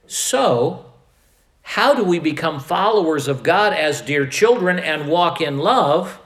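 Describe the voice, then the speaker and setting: A man preaching a sermon at a deliberate, unhurried pace, his voice sitting a little high for a man. He swells and drops his volume for emphasis, and the room around him rings with echo. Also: lively intonation, fairly bright tone. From American Midwest. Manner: slow, emphatic preaching with rising and falling volume. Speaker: pastor.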